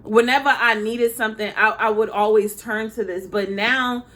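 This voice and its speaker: A woman's voice: on the high side, steady tone, moderate pace, a bit bright. A woman who used to be a schoolteacher gives a casual spiritual talk to her viewers. She speaks candidly, swears and laughs often, and addresses them directly as "y'all.". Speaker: spiritual teacher, former schoolteacher.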